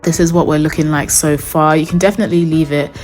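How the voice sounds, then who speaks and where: A woman's voice: deep voice, fairly even intonation, fast, a little mellow, soft background music. A young woman narrating a wig install tutorial as a voice-over, chatty and upbeat, talking straight to her viewers. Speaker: beauty vlogger.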